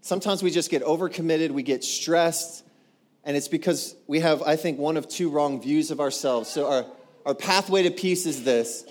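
A man, a pastor, preaching a sermon in an animated way, acting out quoted voices and building to loud exclamations. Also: fairly high pitch, normal speed.

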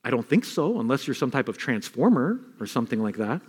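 A male pastor preaching a sermon, swinging between loud, high emphasis and low, quiet asides, and repeating words as he builds to a point. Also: big pitch swings, brisk, breathy edge. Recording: long hall reverb.

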